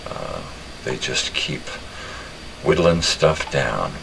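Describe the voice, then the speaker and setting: An older man hosting a casual live-streamed nostalgia show from his home studio. He talks in a halting way, with many uh's and restarts. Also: very deep voice, big pitch swings, vocal fry, noisy background.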